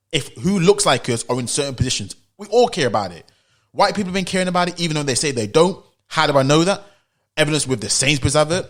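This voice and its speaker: Here a British opinion vlogger from the United Kingdom, his voice a little high and fairly bright, gives a monologue of opinion commentary. He insists and emphasizes, repeating himself and firing off rhetorical questions to hammer points home.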